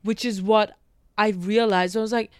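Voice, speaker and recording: A woman guest on a podcast, telling stories in a relaxed way with frequent hedges. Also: medium pitch, normal speed, clear, resonant tone, no room sound, studio quality. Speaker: guest comedian. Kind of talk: casual chat.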